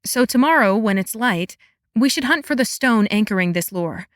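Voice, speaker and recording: A woman's voice: on the high side, animated, normal speed, no echo, studio quality, natural voice. A woman reading an audiobook voices a flustered, hot-tempered young woman mage who speaks in a breathless, exasperated way. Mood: curious.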